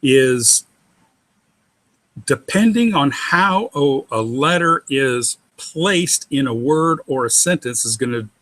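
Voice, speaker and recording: A man's voice: medium pitch, expressive, takes it slowly, a bit bright, dry recording. A man methodically explaining Hebrew syllables as a guest teacher, patiently spelling out letters and sounds.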